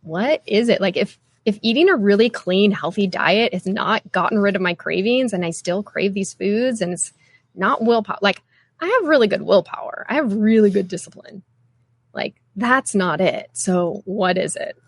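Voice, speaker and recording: A woman's voice: mid-range voice, normal speed, breathy edge, no echo. A woman in her thirties, a nutrition coach, talking chattily as a podcast guest with lots of "like" and "you know". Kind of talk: conversational interview.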